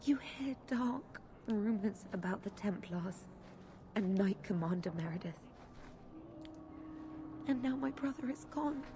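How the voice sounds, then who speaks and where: A pleading devout sister. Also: female voice, mid-range voice, animated, measured pace, pauses often. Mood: anxious. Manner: pleading, anxious, formal speech. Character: devout woman pleading for her missing brother.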